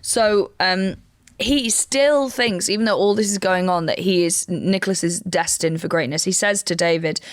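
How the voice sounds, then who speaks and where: A woman's voice: lowish voice, moderate pace. A woman comedian co-hosting a podcast, recounting a true crime story step by step with wry asides. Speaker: comedian co-host.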